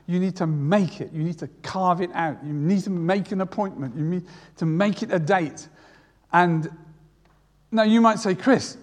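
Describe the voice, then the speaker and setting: A man's voice: fairly high pitch, in a large hall. A retired man preaching a sermon, earnest and repeating key phrases for emphasis. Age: older.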